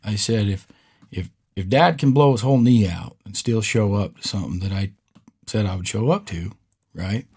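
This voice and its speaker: A middle-aged man co-hosts a casual podcast, spinning a story and acting out every quoted line. His voice is low, mellow and husky. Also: moderate pace. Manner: animated storyteller, acts out quotes. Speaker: podcast co-host.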